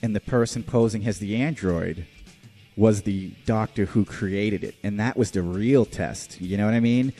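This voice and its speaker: A man with a low, mellow voice hosts a casual podcast. He talks about a movie in a loose, rambling way, full of fillers and swearing. Faint music plays behind him. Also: normal speed. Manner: rambling, profane, filler-heavy. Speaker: podcast host. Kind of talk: casual movie review chat.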